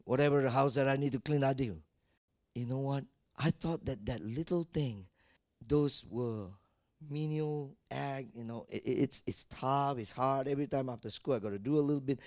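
A male pastor preaching a sermon, telling personal stories and building from quiet talk to loud, repeated exhortations. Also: mid-range voice, normal speed, no room sound, studio quality. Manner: tells personal stories and addresses the congregation directly.

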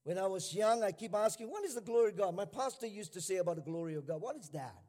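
A man preaching a sermon to a church, building to fervent shouting, in a large hall with long reverb. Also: high-pitched, lively intonation, fast talker. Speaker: pastor.

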